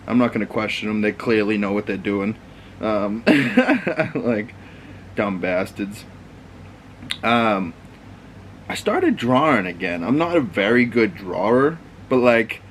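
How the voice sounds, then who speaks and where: A man's voice: fairly low pitch, fairly bright tone, slight background noise. A man hosting his own vlog in a loose, rambling casual chat, swearing now and then. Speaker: vlog host.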